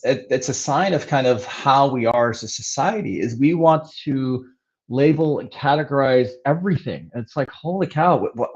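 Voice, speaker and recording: A man of middle pitch talks in an earnest, casual way, stumbling over repeated words and checking in with "right?". The sound is a little dull and lo-fi. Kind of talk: casual conversation.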